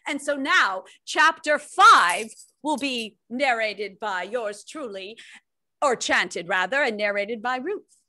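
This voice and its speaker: Bright, high-voiced woman cantor. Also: expressive, slow. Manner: playful, sing-song, laughing. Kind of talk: leading a congregation, chanting scripture.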